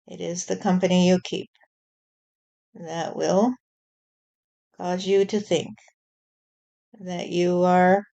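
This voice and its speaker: A woman channeling God as a stern male deity warning humanity, speaking in a slow, measured way and often repeating "you see". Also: on the low side, flat delivery, gravelly, dark tone, lo-fi sound. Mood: solemn. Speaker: spirit channeler. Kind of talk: channeled spirit message.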